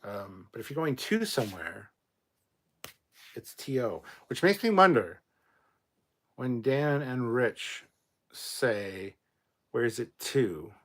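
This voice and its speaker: A man of middle pitch hosts a casual livestream, working his way through viewer comments and tossing in chatty, sometimes profane asides. He talks loosely and conversationally at a desk mic. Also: lively intonation, slow, long pauses. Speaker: livestream host reading chat.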